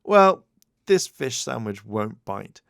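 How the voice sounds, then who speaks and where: A man's voice: mid-range voice, sing-song, slow pace, vocal fry, fairly bright tone, no room sound, studio quality, exaggerated voice. A man voicing a cheerful teenage girl in a storybook reading.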